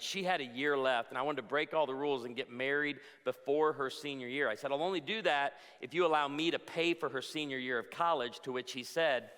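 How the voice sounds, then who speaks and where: A man's voice: a little high, bright, forceful tone, smooth. A man in his forties, a pastor giving a humorous conference talk to a live audience, telling jokey stories and asking the crowd for amens. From outside Chicago. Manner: joking storyteller, punchlines, asks the crowd for amens. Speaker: pastor and speaker. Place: large hall before a live audience. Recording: reverberant hall.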